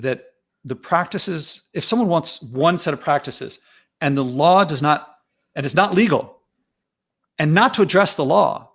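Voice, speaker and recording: Guest man, gravelly and a touch high, hesitant and searching for words. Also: fairly bright tone. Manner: hesitant, circling. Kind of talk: casual discussion.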